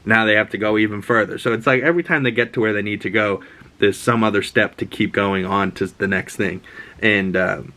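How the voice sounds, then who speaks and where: Excited rambling man recapping a show. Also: on the low side, fairly quick. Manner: excited and rambling, many fillers and restarts. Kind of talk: casual episode recap.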